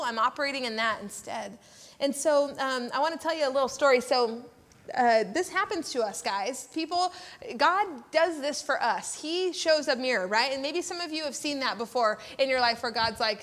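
A woman in her thirties giving a casual Bible teaching, animated and acting out the voices she quotes. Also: high voice, a little hiss or hum.

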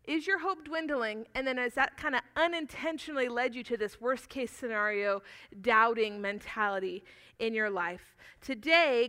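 A woman pastor preaching a sermon, earnest and animated, telling stories and asking the congregation questions. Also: on the high side.

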